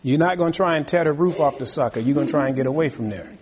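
A man's voice: on the high side, racing, big-room sound, crowd noise. A male pastor delivering an earnest sermon full of repeated rhetorical questions, in a church.

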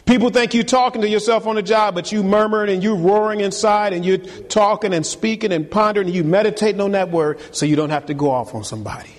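A middle-aged man preaching a sermon as pastor, animated and teasing, calling on the congregation for amen. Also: high voice, fast, hardly any pauses. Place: church sanctuary. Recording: long reverb of a hall.

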